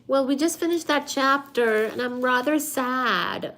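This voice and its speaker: A woman hosting a casual study-with-me livestream, chatty and expressive as she reads and answers viewer comments. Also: sits high, unhurried, few pauses. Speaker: livestream host.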